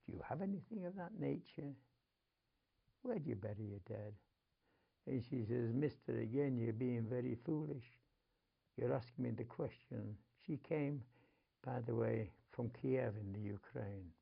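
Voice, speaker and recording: Gravelly older man from Manchester. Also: medium pitch, normal speed, highs cut off. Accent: Manchester English. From England. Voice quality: gravelly, husky. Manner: emotional storyteller, dropping to whispers and rising to urgent outbursts. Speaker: guest. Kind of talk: storytelling in a TV interview.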